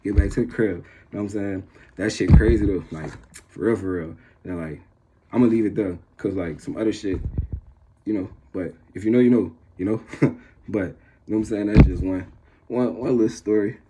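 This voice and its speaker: A man's voice: a little fast, very noisy. A man casually telling a story to his viewers, slangy and rambling, with many restarts. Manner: gets loud and high when the story turns tense.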